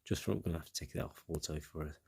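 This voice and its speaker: A man's voice: a bass voice, steady tone, racing, creaky, dark tone, breathy edge. A man with a British accent giving casual, rambling commentary on a game, with self-mocking asides.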